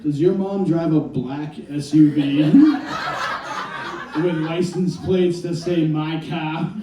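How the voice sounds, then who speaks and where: A man putting on the voice of his serious, deadpan woman neighbor. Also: on the high side, slow pace, a crowd in the background, pitched below the performer's own voice. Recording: echoey club from far off.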